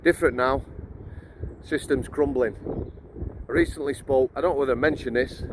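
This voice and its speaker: Middle-aged bloke, ex-prison officer, casual and cheeky storyteller, mid-range pitch, faint traffic in the background. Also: male voice, normal speed. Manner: chatty, blunt and jokey, laughs mid-story, addresses viewers as guys. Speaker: former prison officer telling stories.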